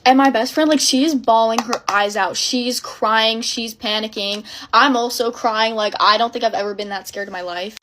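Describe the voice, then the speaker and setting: A woman's voice: fairly high pitch, moderate pace, hardly any pauses, a bit bright, slight background noise. A young woman tells a wild personal story in a casual, dramatic way, packed with fillers. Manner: breathless, dramatic retelling full of fillers.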